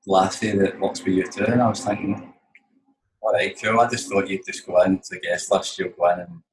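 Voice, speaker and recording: With a deep, slightly mellow voice, a touring musician from Scotland swaps sweary, rambling stories in casual chat. He often says "you know what I mean," and the room adds noticeable echo.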